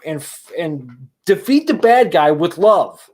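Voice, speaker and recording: A man's voice: on the high side, very animated, takes it slowly, a little mellow. A man giving a casual livestream movie review and answering chat, rambling and exasperated, blunt and profane, with many restarts and rhetorical questions.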